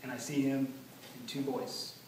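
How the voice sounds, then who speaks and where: A man giving an earnest memorial speech about his late father, telling stories with many pauses. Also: medium pitch, level tone. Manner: earnest, storytelling, pauses often. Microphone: far from the recording mic. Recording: echoey hall from far off, noisy.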